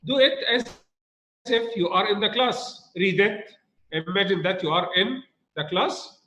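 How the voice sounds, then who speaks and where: A man's voice: high-pitched, lively intonation, a little slow, sharp tone, reverberant, low-quality recording. A male English teacher giving a recorded grammar lesson, repeating key points and asking students rhetorical questions.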